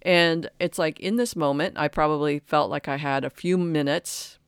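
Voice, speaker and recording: A person in their sixties giving a reflective spiritual talk, earnest and halting, often restarting and correcting themselves. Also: mid-range voice, steady tone, clean tone, no room sound. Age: 60s.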